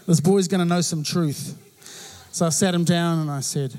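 A man in his thirties from New Zealand, a pastor preaching a sermon with lively storytelling and acted-out quotes. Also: on the high side, moderate pace.

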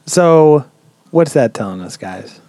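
A man hosting a podcast, telling a story in a relaxed, chatty way with lots of "um"s and casual swearing. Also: a little high, slow, no echo. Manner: relaxed, swears freely, many "um"s. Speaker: podcast host.

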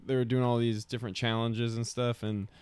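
A man's voice: mid-range voice, level tone, brisk, a little mellow, clean tone, no room sound. A young man in easygoing casual chat, mostly agreeing and adding his own picks.

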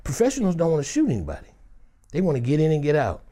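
Male actor from Detroit, expressive storyteller, higher voice, very animated delivery. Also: rapid-fire. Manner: animated, acts out every voice in the story. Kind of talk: storytelling in a chat.

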